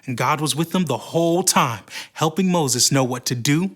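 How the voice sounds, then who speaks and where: A man narrating a scripted Bible story for children in an expressive way. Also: fairly high pitch, moderate pace.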